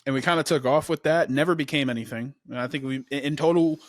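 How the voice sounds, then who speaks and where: A man's voice: on the high side, fast, dry recording, clean studio sound. A young man hosting a podcast, telling his story in a casual, laid-back way, often saying "man" and "dude". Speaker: podcast host.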